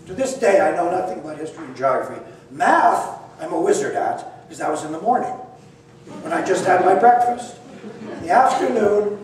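An older man tells a personal story in a high-pitched voice, poking fun at himself and acting out each exchange. He sits well back from the mic in a room that echoes heavily, with a faint hiss underneath. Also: distant mic. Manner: animated, self-deprecating storytelling with quoted dialogue.

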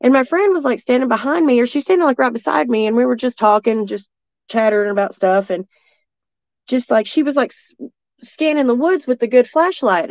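A woman from East Tennessee with a Southern accent, telling a story as a guest in a rambling, excitable way full of restarts. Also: a little high, no room sound, muffled recording. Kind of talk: casual storytelling.

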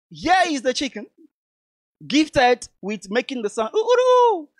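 A man's voice: very high-pitched, a bit bright, dry recording. Emphatic motivational speaker, a man. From Togo. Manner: emphatic, repetitive, addresses audience as lovely people. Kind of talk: motivational speech.

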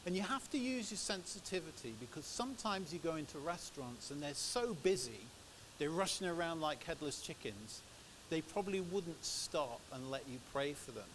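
A man's voice: a little high, moderate pace, rough recording. English man preaching over hiss. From England. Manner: chatty, anecdotal storytelling. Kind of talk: sermon with personal stories. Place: church. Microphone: microphone. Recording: steady background hiss.

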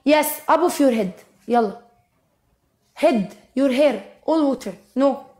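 A woman's voice: high voice, lively intonation, unhurried, mellow, a little hiss or hum. A woman on a TikTok live match, bantering in broken English mixed with Arabic, insistent and repeating herself.

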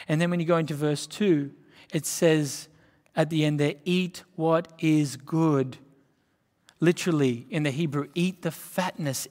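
Aussie pastor guy preaching in a big echoey church, bit high voice, gets loud and punchy. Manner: emphatic preaching, rising to loud declarations. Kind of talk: sermon. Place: church hall. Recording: church hall with long reverb.

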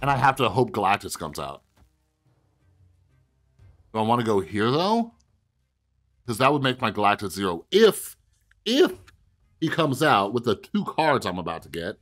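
A man casually commentating his own card game play and chatting directly to his viewers, with sudden bursts of excitement. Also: fairly low pitch, normal speed, long pauses, soft background music. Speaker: gaming video host.

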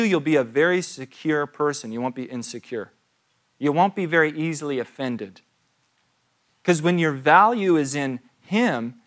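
Casting note: pastor in his thirties, mid-pitched male voice, talks to the congregation like a storyteller. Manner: conversational storytelling with rhetorical questions. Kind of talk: sermon. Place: church.

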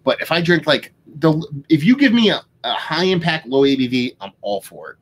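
A man's voice: fairly high pitch, sing-song, a little fast. A young man co-hosting a beer tasting livestream, chatting casually with a joking, rambling, foul-mouthed manner.

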